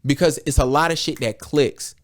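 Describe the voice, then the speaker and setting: A young American man on his podcast speaks at a moderate pace, his voice on the high side. He's candid, blunt, and heavy on swearing, often performing conversations as quotes in casual talk.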